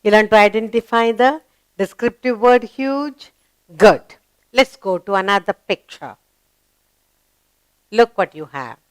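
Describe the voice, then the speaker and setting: A woman's voice: mid-range voice, expressive, clean tone, no room sound. A woman teaching a grammar lesson for young children, coaxing them along by asking questions and answering them herself. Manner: slow, coaxing, asks and answers her own questions.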